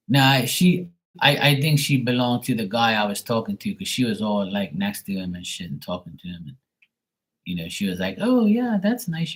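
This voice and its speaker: A man's voice: fairly low pitch, fairly bright tone, low-quality recording. A man hosting a live stream, rambling through a casual story in streetwise slang with lots of swearing and acted-out conversations. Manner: acts out both sides of conversations. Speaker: live stream host giving readings.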